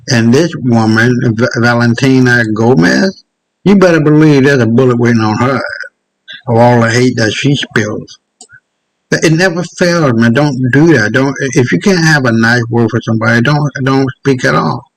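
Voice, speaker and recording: Guy ranting on his show, swears a lot, keeps going "hold on", regular pitch. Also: a little slow, low-quality recording. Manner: profane, heated, stops often to search clips. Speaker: host. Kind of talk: casual rant commentary.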